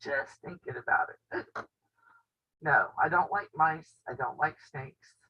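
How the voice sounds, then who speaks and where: A woman's voice: low voice, a little slow, husky. A woman hosting a casual live-stream chat from home, telling stories and laughing often. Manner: chatty storyteller who laughs often. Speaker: quilting channel host. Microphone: camera on a table. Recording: dull lo-fi audio.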